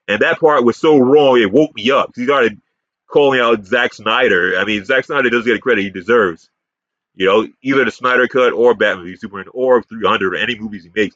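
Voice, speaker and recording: Rambling, cussing YouTube ranter, a man with a lowish voice, muffled, dry sound. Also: fairly bright tone, dry recording. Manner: combative, profane and rambling. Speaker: YouTube commentator. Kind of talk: ranting commentary to camera.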